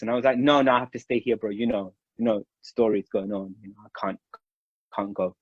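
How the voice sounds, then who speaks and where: Man telling a lively story. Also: on the low side, a little fast, husky, no echo. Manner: animated, acts out quoted dialogue. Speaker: storyteller recounting memories. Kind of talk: casual storytelling. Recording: dry, slightly dull recording.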